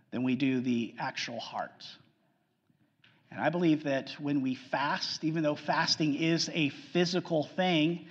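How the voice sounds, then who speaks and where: A man preaching a sermon earnestly, repeating his points and swinging from loud emphasis to hushed low lines. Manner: earnest, repetitive, frequent restarts, swings between loud emphasis and hushed lows. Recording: muffled sound with long hall reverb.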